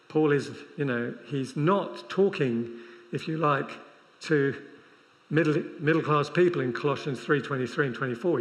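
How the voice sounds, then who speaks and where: A man's voice: fairly high pitch, a bit bright. A man preaching a sermon at a large convention, talking conversationally with wry humorous asides. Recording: long reverb of a large hall.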